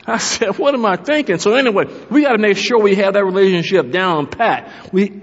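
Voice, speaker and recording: A man's voice: high voice, a bit bright. A middle-aged man, a pastor, preaching a sermon to his church and telling a humorous story from home. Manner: storytelling with humor, talks to the congregation. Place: church sanctuary. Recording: echoey hall, dull lo-fi sound.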